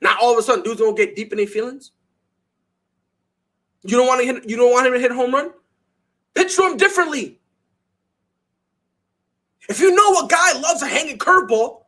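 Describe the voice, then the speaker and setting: A man's voice: extremely high pitch, animated, moderate pace, long pauses, sharp tone. A young man hosting a sports talk show, delivering an emphatic, slangy opinion monologue full of rhetorical questions.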